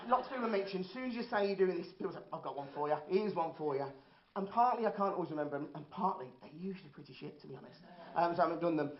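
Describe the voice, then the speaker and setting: A man, telling a dry, self-deprecating stand-up comedy set in an indoor hall. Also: high-pitched. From Birmingham, England. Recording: roomy, dull lo-fi hall recording.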